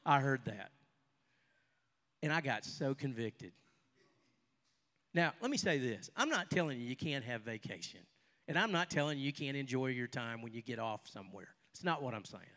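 An older man, a pastor, preaching a sermon and telling stories, with sudden loud bursts and quieter asides. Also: mid-range voice, animated, normal speed, pauses often. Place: church hall with a congregation. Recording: long reverb of a large hall.

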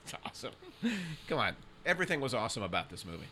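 Fast-talking, bright-voiced teasing man. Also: medium pitch, sing-song, a little hiss or hum. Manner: teasing, quick, needling banter. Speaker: podcast co-host. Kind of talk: casual chat.

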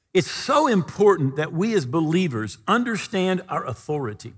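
A man's voice: fairly high pitch, moderate pace, breathy edge. A man preaching a sermon and telling stories, acting out the voices of the people he quotes. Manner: animated, acts out quoted voices in his stories. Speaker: pastor. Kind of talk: sermon with storytelling. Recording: long reverb of a large hall.

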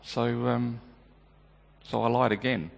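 A man's voice: mid-range voice, steady tone, takes it slowly, vocal fry. A man playing a stammering, guilt-stricken disciple. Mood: agitated. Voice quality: stammering, repeats words. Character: remorseful male disciple haunted by denial. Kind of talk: dramatic first-person monologue. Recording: long hall reverb.

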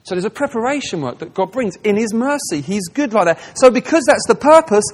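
A man preaching a sermon, animated, swinging between hushed, tender lines and loud, emphatic ones. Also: high voice, a little fast. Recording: long hall reverb.

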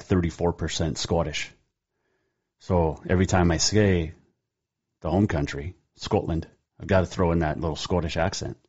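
A man's voice: sits low, darkish tone, breathy edge. A man hosting his own radio show, talking casually in a rambling, folksy way and reading sponsor plugs. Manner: rambling, folksy, self-correcting. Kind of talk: casual radio talk with ad reads. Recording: dull lo-fi sound.

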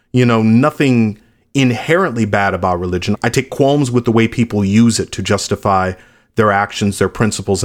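A man in his late thirties, a musician being interviewed, speaking candidly and reflectively, sometimes blunt. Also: lowish voice. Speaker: musician guest. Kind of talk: interview conversation.

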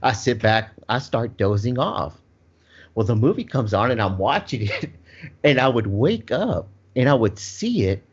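Laughing storyteller man, lively pitch. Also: measured pace, slightly rough. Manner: animated, laughs often while telling. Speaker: storyteller guest. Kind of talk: casual anecdote. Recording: dull lo-fi sound.

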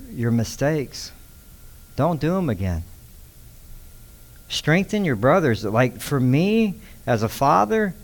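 A man preaches in an easygoing, conversational way, as if talking with friends. He's a pastor from Texas, dropping slang and backing up to restart his sentences as he explains scripture. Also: medium pitch. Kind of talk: casual sermon teaching.

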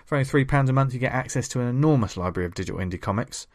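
A man's voice: mid-range voice, animated, racing. A man hosting a comics podcast in casual chat, jokey and rambling, laughing often. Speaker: podcast host.

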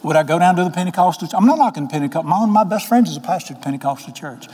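This male pastor's voice is fairly high, husky, and darkish, and his animated delivery comes rapid-fire. He preaches through homespun stories, voicing the people he quotes and questioning the congregation in folksy fashion. Long hall reverb surrounds the recording.

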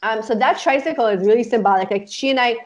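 A woman with a slightly high voice talks at a quick pace. Guesting on a casual chat, this Israeli life coach meanders through memories, giggly and full of "like" fillers as she tells her stories.

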